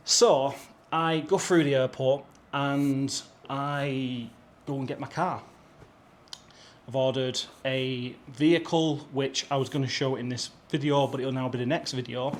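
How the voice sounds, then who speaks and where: A man's voice: medium pitch, fairly even intonation, normal speed, a little hiss or hum. A young British man with an English accent, chattily telling a travel anecdote to camera for his vlog, acting out the dialogue as he goes. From Britain. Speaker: travel vlogger. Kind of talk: casual storytelling to camera.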